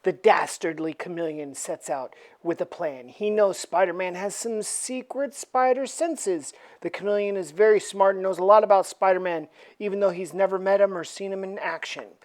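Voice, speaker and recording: A woman's voice: mid-range voice, moderate pace, hardly any pauses, a little mellow. A woman reviewing a comic book by retelling it in a playful, jokey storytelling manner.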